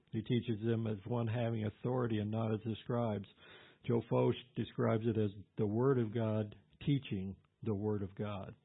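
A man in the role of pastor, teaching through a Bible passage in a relaxed, conversational way with fillers and asides. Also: medium pitch, husky. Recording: tinny phone-like audio.

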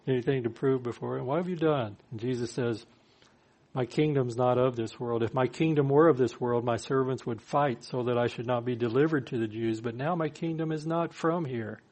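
A man's voice: mid-range voice, moderate pace, darkish tone. Man preaching a verse-by-verse sermon. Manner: reads verses then explains with dry humor. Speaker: pastor. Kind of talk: expository sermon on scripture.

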